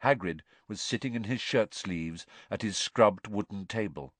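Male audiobook narrator, low and expressive, dry close mic. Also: moderate pace, dry recording. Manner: expressive storytelling. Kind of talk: scripted narration.

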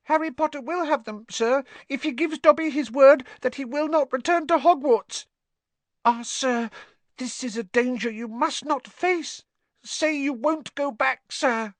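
Male house-elf, tiny, squeaky, anxious, pleading, audiobook character, dry sound. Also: a little slow, dry recording. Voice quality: squeaky, high and breathy. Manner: pleading, talks about himself in the third person.

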